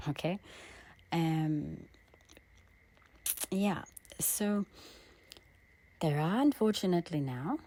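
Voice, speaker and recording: A woman astrologer and tarot reader in an earnest, heartfelt spiritual monologue who often drops into a breathy half-whisper. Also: on the low side, expressive, very slow, pauses often, mellow. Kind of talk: reflective spiritual monologue with a personal story.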